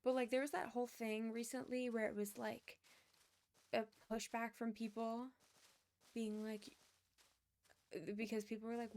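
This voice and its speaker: A woman's voice: on the high side, level tone, unhurried, long pauses, a little mellow. A young woman streamer chatting casually, rambling with lots of fillers and restarts. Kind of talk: casual chat.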